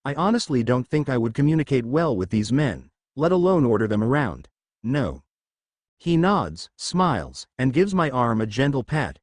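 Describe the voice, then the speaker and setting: A man's voice: mid-range voice, no room sound, studio quality. A man reading a first-person story recap as scripted storybook narration.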